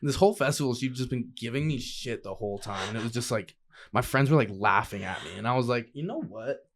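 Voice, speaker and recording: A young adult man chatting as a podcast guest, loose and slangy, swearing freely as he tells his story. He gets animated and slips into voices for the people he quotes, with a middle-pitched, everyday tone. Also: fast talker. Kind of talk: casual conversational storytelling.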